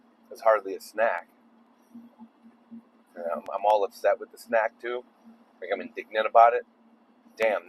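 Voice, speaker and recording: A man's voice: fairly low pitch, a little hiss or hum, poor audio. A man making a casual video while driving on the freeway at night, rambling with joking asides. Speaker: vlogger.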